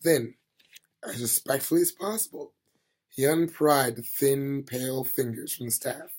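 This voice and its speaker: A man reads a fantasy novel aloud in an amateur audiobook style. His voice sits mid-range and has a husky edge. The delivery is plain and steady, with the odd stumble fixed on the fly. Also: mid-range voice, unhurried. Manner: plain, steady reading with small slips. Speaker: reader.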